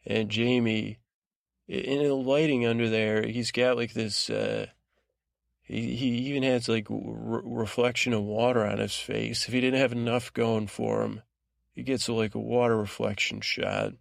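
On a sleep podcast, a man gives a bedtime recap that meanders, rambles, and keeps drifting off track, trailing off as he digresses. His mid-range voice has vocal fry and a measured pace. The studio-quality recording has no room sound.

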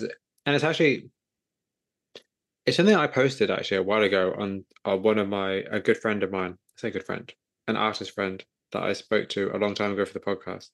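Man, podcast host, fast talk, gravelly low voice, rambling casual chat. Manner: rambling, self-correcting, animated.

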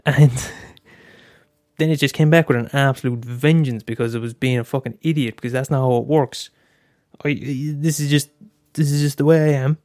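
A man's voice: mid-range voice, steady tone, fairly quick, a little mellow, no room sound, soft background music. A young Irish man hosting a casual solo podcast, talking candidly with frequent swearing and stammered restarts. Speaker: podcast host.

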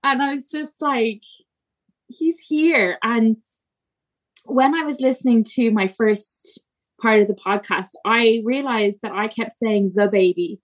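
A woman on a podcast recounting her birth story, emotional and halting, with many fillers and restarts. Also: mid-range voice. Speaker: podcast guest. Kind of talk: personal storytelling in conversation.

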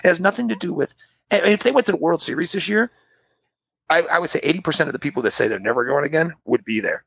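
A man chatting casually, telling animated stories and acting out the people he quotes. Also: fairly high pitch, fast talker, gravelly, slightly rough, no echo. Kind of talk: casual chat.

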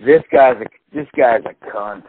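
A man's voice: medium pitch, moderate pace. A man co-hosting a casual podcast chat, telling stories with lots of swearing and acting out what others said. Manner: animated storyteller, swears a lot, acts out quotes. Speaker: podcast co-host. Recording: tinny phone-like sound with faint hiss.

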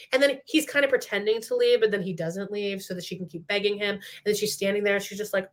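A woman in casual gossip chat, retelling reality show scenes in an animated way and swearing often. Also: medium pitch, quick pace. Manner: animated storytelling, acts out quotes, swears often.

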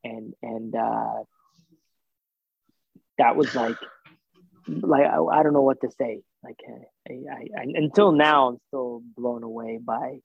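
A man's voice: medium pitch, slow pace, creaky, long pauses, breathy edge. A man tells a personal story in a loose, chatty way, switching into the voices of the people in it and leaning on fillers as he goes. His voice comes through thin and tinny, like a phone line, with no room echo at all. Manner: animated retelling with reported dialogue, many fillers. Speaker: guest telling a personal story. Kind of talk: casual conversational storytelling. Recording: thin phone-like dry sound.

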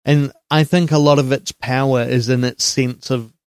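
A man hosting a casual film podcast, chatty, with quick asides and jokes. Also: medium pitch, fairly even intonation, no room sound. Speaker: podcast host.

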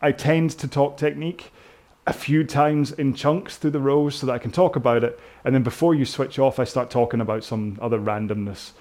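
A man's voice: mid-range voice, steady tone, moderate pace, a little mellow. Rambling, self-mocking British man coaching. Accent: British English. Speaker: rowing coach. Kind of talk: chatty coaching while rowing. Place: indoors at a rowing machine.

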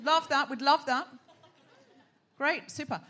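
An Australian woman hosts a live comedy podcast from a theatre stage, teasing and joking with the crowd. Her voice is high, bright and pushed, and she speaks slowly. The recording carries the audience and some faint noise.

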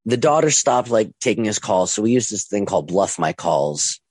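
A young man telling his own story casually, halting with many ums and restarts and acting out what others said. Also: lowish voice, very animated, a little mellow, slightly rough, dry recording. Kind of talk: casual first-person storytelling.

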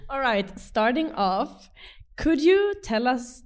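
A woman's voice: high voice, big pitch swings, takes it slowly. A woman hosting a live podcast interview in a bubbly, cheering manner. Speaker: podcast host.

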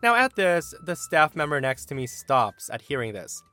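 Lively, bright-voiced male storyteller. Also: on the high side, moderate pace, soft background music. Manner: animated, expressive storytelling. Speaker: narrator. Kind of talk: reading a Reddit story aloud.

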